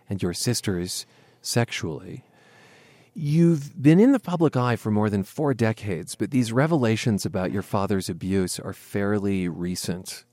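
Guy hosting an interview, calm even voice, dry close mic. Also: lowish voice, no room sound. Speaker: host. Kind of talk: radio interview.

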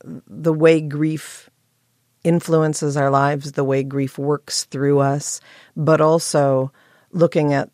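A woman playwright, hoarse with morning voice, clearing her throat and answering interview questions thoughtfully with pauses and restarts. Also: low voice, level tone, darkish tone, no room sound, clean studio sound. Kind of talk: interview guest.

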